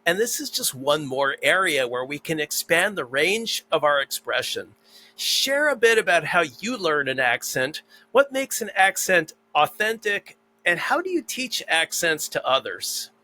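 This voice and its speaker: Bright-voiced enthusiastic male podcast host. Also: a little high, big pitch swings, a little slow, slight background noise, low-quality recording. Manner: enthusiastic, affirming interviewer. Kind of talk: podcast interview.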